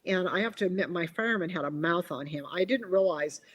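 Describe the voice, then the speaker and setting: Woman author, middle-aged, lively anecdote-teller in casual chat. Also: brisk. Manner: chatty storyteller, acts out quotes with big pitch jumps. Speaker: author guest.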